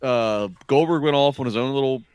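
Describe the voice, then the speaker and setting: A man's voice: mid-range voice, brisk, a little mellow, clear, resonant tone. A man co-hosting a wrestling podcast in loose, rambling chat. He keeps restarting sentences as his thoughts catch up. The sound is dry and close, with no room echo. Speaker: podcast co-host.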